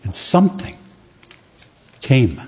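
A man preaching a sermon with dramatic, emphatic pauses. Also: darkish tone. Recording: long reverb of a large hall.

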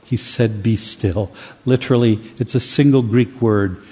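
A man preaching a sermon with dramatic, emphatic pauses. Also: mid-range voice, steady tone, a little mellow, husky. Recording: long reverb of a large hall.

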